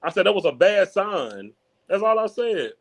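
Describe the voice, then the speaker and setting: A man's voice: high voice, big pitch swings. A man on a sports panel, emphatic and defensive, insisting on what he said before in a casual debate. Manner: fast, emphatic, repeats no over and over.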